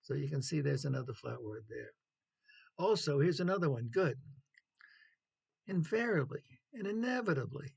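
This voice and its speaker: A man delivers a writing lecture in a heavily gravelly voice with a husky edge. He talks in a measured way, with pauses, fillers and the odd cleared throat. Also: fairly high pitch, darkish tone. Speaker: writing instructor.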